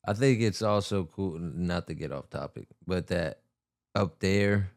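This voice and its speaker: A young man chatting on a podcast, halting and restarting his sentences. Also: sits low, darkish tone, no echo, studio quality. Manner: halting, starts and restarts phrases. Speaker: podcast co-host. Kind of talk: casual chat.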